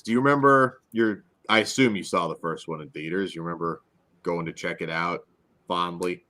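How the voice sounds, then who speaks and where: A man hosting a casual movie review podcast, animated and chatty, reading a synopsis and leading the ratings. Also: low voice. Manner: animated, reads synopsis, frequent laughs. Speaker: podcast host.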